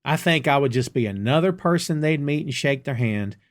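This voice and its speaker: A man's voice: mid-range voice, animated, normal speed. A middle-aged man from the United States hosting a solo podcast, talking straight to his listeners in a folksy, exasperated way. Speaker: podcast host. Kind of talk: solo political commentary podcast.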